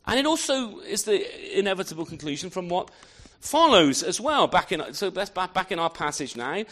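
A man's voice: high voice, animated, moderate pace, fairly bright tone. A man preaching a sermon in an unscripted way, often restarting phrases and asking rhetorical questions.

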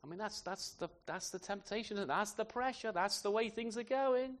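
A preacher delivers a sermon in a chatty, conversational way. His voice sits a little high for a man, and he keeps turning his points into questions for the congregation. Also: moderate pace, hardly any pauses, a bit bright. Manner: conversational, rhetorical tag questions.

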